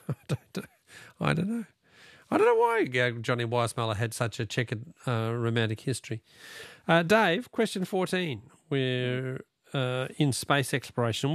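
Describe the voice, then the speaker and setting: A man's voice: medium pitch, no echo, studio quality. A middle-aged Australian man hosting a talkback radio quiz, chatty and joking with callers. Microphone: studio microphone.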